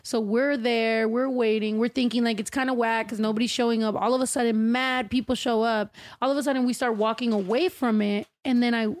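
A woman's voice: a little high, steady tone, a little fast, few pauses. A young woman co-hosting a casual chat, rambling and swearing loosely, laughing often. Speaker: podcast co-host.

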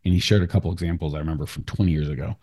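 A man hosting a podcast, coaching a client in a blunt, animated way. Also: low voice, rapid-fire, breathy edge. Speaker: business coach and podcast host. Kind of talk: casual coaching talk.

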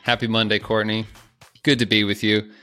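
A man's voice: on the low side, little pitch movement, moderate pace, pushed and bright, soft background music. A man co-hosting a productivity podcast, chatting casually with jokey, self-aware asides. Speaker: podcast co-host.

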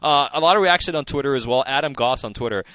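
A man's voice: medium pitch, quick pace, sharp tone, dry recording. A man co-hosting a post-game hockey talk show and reading listener messages in an easygoing way. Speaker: sports podcast co-host.

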